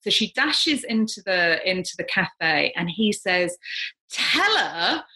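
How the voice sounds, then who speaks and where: This is a middle-aged woman, a psychic medium recounting an uncanny experience in conversation. Her voice is bright and forward, and she tells it with lively storytelling energy. She gasps and swoops her pitch to play the people in her tale. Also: slow pace. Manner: lively, gasping, acts out quoted voices.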